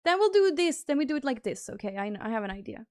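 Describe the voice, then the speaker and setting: High-voiced woman streamer chatting casually. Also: fast, no echo, clean studio sound. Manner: chatty, thinks aloud while fiddling with stream settings; bursts into high excited thanks for gifted subs. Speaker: livestream host. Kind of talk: casual live-stream chat.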